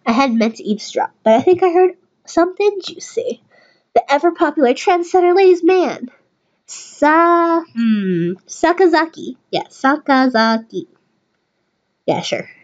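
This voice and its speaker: A woman's voice: high voice, sing-song, measured pace, lo-fi sound. A tipsy woman hosting a let's play, reading the game aloud and making chatty jokes. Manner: joking, chatty.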